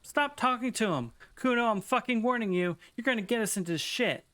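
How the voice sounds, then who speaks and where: A man's voice: high-pitched, brisk, sharp tone, pitched above the performer's own voice. A man voicing a volatile, menacing young girl who snaps out threats. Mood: threatening. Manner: snapping, threatening.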